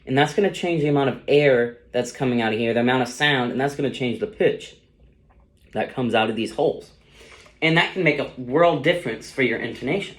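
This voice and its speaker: A young man, a music student, giving a relaxed saxophone lesson, explaining loosely with many fillers. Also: mid-range voice. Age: young adult. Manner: casual, loose explanations with fillers like "you know" and "um". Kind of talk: instructional demonstration. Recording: roomy echo with saxophone playing. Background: saxophone notes between phrases.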